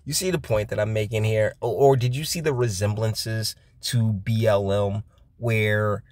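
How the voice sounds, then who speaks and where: A man's voice: fairly low pitch, steady tone, measured pace, darkish tone, no echo, clean studio sound. A man hosting a casual reaction commentary, rambling and blunt, with slang and many fillers. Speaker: host.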